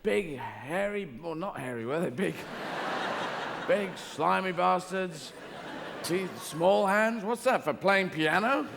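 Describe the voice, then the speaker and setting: A man's voice: sits high, lively intonation, slow pace, gravelly, full character voice. A man doing a whiny pestering Jesus. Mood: curious. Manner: pestering, complaining. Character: Jesus as a whiny, questioning grown son. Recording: live hall with long reverb and noise.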